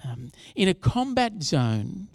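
A man's voice: sits high, very animated, slow, a little mellow, no echo. Conversational man preaching a sermon. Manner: conversational preaching with asides to the congregation. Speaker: pastor.

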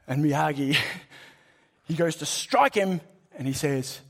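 A man preaching a sermon in a high voice. He builds emphasis by repeating phrases, then drops to a near hush before lifting again. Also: animated, fairly quick. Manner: emphatic, with swings between loud and hushed.

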